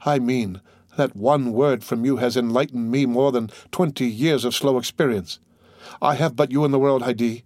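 A man's voice: mid-range voice, a little mellow, no echo, studio quality, natural voice. A man reading a solemn noble count. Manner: solemn, measured. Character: noble brooding older male count.

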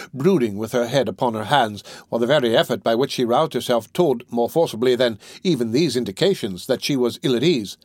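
A man narrating a classic novel in a measured, steady reading. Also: medium pitch, no room sound, clean studio sound. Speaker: audiobook narrator.

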